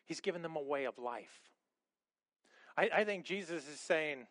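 A man preaching a sermon, his voice sitting a little high for a man. He talks conversationally, stumbling over and repeating his words. The sound is dry and close, with no room echo. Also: animated, moderate pace, fairly bright tone. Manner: conversational, with many stammered repeats. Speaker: pastor.

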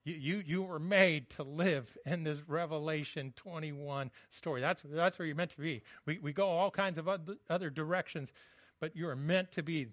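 A man preaching a sermon in a slightly high, muffled voice. He talks like he is in conversation, often stumbles over his words and starts again, and slows down when he reads scripture. The sound is dry and a bit dull. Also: fairly bright tone, no room sound. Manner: conversational preaching with frequent restarts, slowing for scripture. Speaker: pastor.

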